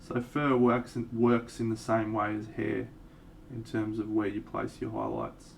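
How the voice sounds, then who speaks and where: Man, gravelly voice, rambling live painting tutorial, mic set back with faint hiss. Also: fairly low pitch, a little slow. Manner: relaxed, rambling, self-mocking asides. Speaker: miniature painting streamer. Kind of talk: casual live tutorial talk. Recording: distant mic with faint background noise.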